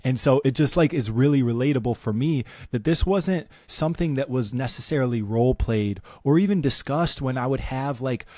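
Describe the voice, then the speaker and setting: A man's voice: mid-range voice, normal speed, few pauses, a little mellow, no room sound, studio quality. A man in his thirties hosting a podcast, speaking reflectively and thinking aloud with restarts and fillers. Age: 30s. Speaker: podcast host. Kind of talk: casual podcast conversation.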